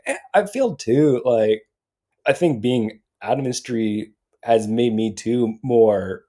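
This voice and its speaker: A man's voice: mid-range voice, animated, slow pace, warm tone. A man speaking as a podcast guest, reflective and thoughtful, often repeating words as he works out his point. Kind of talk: casual podcast chat.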